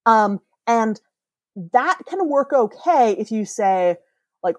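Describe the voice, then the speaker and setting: A woman's voice: a little high, sing-song, takes it slowly, dry recording. Woman in her 30s chatting on a podcast, keen and explain-y, dry mic. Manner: enthusiastic, explanatory, laughs often. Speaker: podcast guest, linguist. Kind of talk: casual podcast chat.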